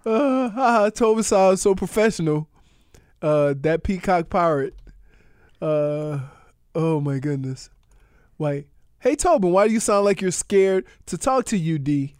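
A man's voice: sits high, expressive, measured pace, a little mellow, clear, resonant tone, no echo, clean studio sound. A man co-hosting a radio sports show, reading listener texts and teasing with frequent laughs.

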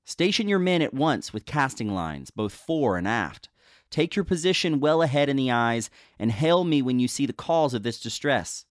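A man's voice: mid-range voice, sing-song, normal speed, dry recording, lightly acted. A stern steamer captain barks orders through a storm, read aloud by a man. The voice is commanding and urgent in a storybook reading. The sound is dry and close.

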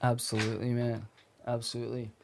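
A man's voice: medium pitch, monotone, fast talker, gravelly, darkish tone, slight background noise. Laid-back podcast host, man. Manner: laid-back, slangy and swearing, rambling. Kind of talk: casual chat.

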